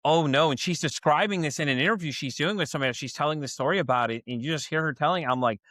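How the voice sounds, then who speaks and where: A man's voice: on the high side, rapid-fire, sharp tone, no echo, clean studio sound. A man with a Texan accent hosting a podcast in casual chat, telling stories animatedly, swearing and acting out his own reactions. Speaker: podcast host.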